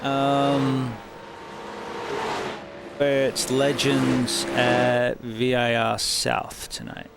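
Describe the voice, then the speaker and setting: Gravelly male racing-game streamer. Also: mid-range voice, extremely slow, pauses often, noisy background. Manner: relaxed, rambling with restarts. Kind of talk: casual streaming chat.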